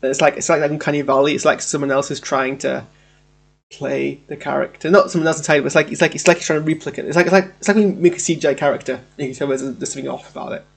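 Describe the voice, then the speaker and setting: A man's voice: fairly high pitch, steady tone, rapid-fire, vocal fry, husky. A young man with a West Yorkshire accent giving a rambling, hesitant live reaction to a trailer, stammering and repeating himself. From Yorkshire, England. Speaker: YouTube reviewer.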